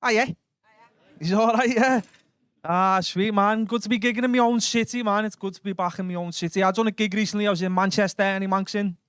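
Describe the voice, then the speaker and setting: A young man with a Liverpool Scouse accent doing a stand-up set in a comedy club, chatty and sweary, telling quick stories and working the crowd. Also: high-pitched, fairly even intonation, a bit bright, clean tone, no room sound. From Liverpool, England.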